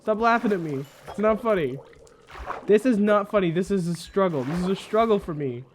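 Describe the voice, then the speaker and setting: A man giving let's play commentary, rambling in exasperation, repeating himself, talking to his viewers and often bursting into loud indignant yelling. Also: high-pitched, expressive, brisk, a little hiss or hum. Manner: repeats phrases, talks to viewers. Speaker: gamer, channel host.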